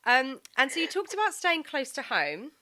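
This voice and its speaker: A woman hosting a podcast, chatting enthusiastically and telling stories in a relaxed conversation. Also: high-pitched, normal speed. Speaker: podcast host. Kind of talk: casual chat.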